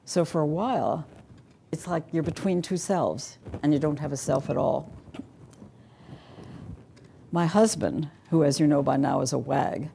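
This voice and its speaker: A woman's voice: low voice, a little slow, creaky, long pauses, dark tone, slight background noise. An older woman giving a talk at a conference, with dry, wry humor, reading cartoons aloud to the audience. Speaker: conference speaker. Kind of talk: lecture to an audience.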